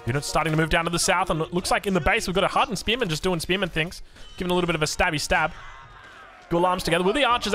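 A young Australian man casts a strategy game match live, jokey, self-deprecating, and full of puns. His voice is high, pushed, and bright.

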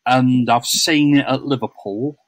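A man's voice: mid-range voice, steady tone, unhurried, no echo, poor audio. Blunt, sweary man. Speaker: podcast co-host. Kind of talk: casual chat.

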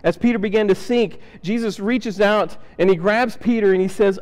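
High-voiced preacher in an echoing church. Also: male voice, moderate pace, few pauses, a little mellow. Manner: conversational, acts out Bible characters' lines. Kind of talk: sermon. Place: church sanctuary. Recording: reverberant church hall.

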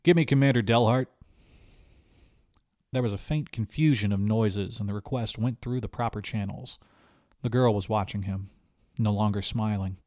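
A man reading a short story aloud as an audiobook narrator, with steady, even storytelling. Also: fairly low pitch, normal speed, no echo, studio quality. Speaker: audiobook reader. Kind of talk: scripted narration.

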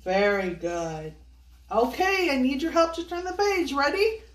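Grandmotherly woman reading to children, slow and echoey. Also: high voice, very animated. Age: older. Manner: slow, sing-song, coaxing questions to kids. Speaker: children's storyteller. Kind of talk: reading a picture book to children. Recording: echoey room, voice from a distance.

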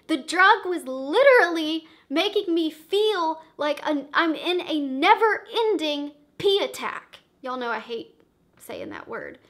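A young woman vlogger telling a dramatic storytime with lots of profanity, swinging between loud bursts and hushed asides. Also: sits high, lively intonation, slow pace. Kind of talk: storytime vlog.

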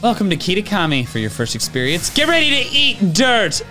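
A man's voice: sits high, very animated, quick pace, gravelly, a bit bright, soft background music, voice pushed up, heavily acted. Man doing a bossy, taunting teen girl. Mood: haughty. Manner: haughty, taunting. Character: bossy, sore-losing teenage girl.

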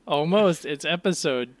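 A man's voice: a little high, no room sound. A man co-hosting a casual podcast chat, laughing often and swearing freely. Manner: laughing, profane, animated. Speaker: podcast co-host.

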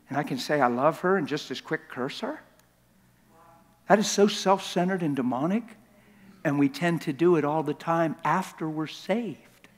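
A man preaching a sermon in a large church, telling his story in an impassioned, confessional way. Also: fairly high pitch. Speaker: guest preacher. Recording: long church reverb.

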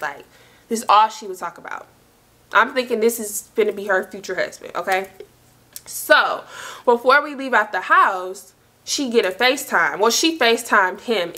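Bright-voiced fast-chatting young woman. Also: mid-range voice. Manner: chatty, slangy, talks fast and loops back with asides. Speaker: storytime vlogger. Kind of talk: casual storytelling to camera.

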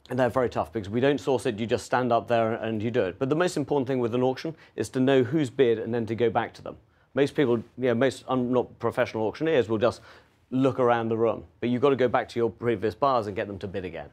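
A man's voice: mid-range voice, darkish tone. A middle-aged English man with an English accent, answering interview questions in a friendly, self-deprecating way. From England. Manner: friendly, self-deprecating, quick with small restarts. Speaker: wine auction executive, guest.

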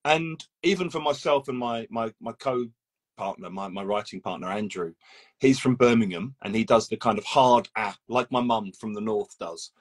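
Male host of a casual live interview, husky voice, loose rambling delivery with restarts. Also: fairly low pitch, normal speed, rough recording. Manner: rambling, with many restarts and acted examples.

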